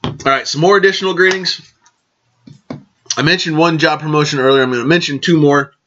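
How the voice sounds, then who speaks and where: A man with a high, bright, forceful voice chats casually as a vlog host. He rambles, corrects himself mid-sentence and raises toasts to his listeners. The recording sounds dull and lo-fi. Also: fairly even intonation, brisk, slight background noise. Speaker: podcast host.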